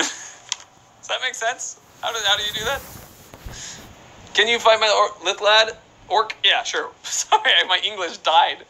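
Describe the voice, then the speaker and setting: A man's voice: high voice, a little slow, pauses often, bright, forceful tone, rough recording. A young man streaming a game, chatting casually and reading out viewer questions in a rambling, playful way. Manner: rambling, playful, reads chat aloud. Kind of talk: casual live-stream chat while playing.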